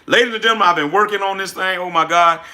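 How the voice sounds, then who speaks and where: Speaking at a quick pace, a man with a Southern Louisiana drawl and a high, very bright voice hosts a casual livestream chat. This business coach is full of energy, calls out viewers' names from the chat, and repeats himself in a preacherly way.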